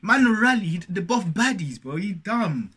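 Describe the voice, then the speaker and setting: A young man hosting a reaction video, talking in excitable street slang and throwing in shouted interjections. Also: high voice, a little slow, noisy background. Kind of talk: hyped casual reaction commentary. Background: music track playing faintly.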